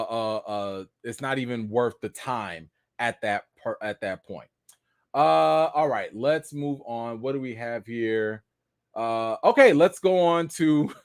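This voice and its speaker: A young adult man hosting a live chat stream about film news, talking straight to his viewers in a casual, animated way. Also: mid-range voice, no room sound, studio quality. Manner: animated, talks straight to viewers with lots of "y'all" and "okay".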